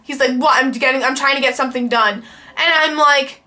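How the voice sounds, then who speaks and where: A woman's voice: sits high, normal speed, pushed and bright. A young woman vlogger telling a long storytime in a casual, rambling way, full of "like". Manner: rambling, heavy use of "like".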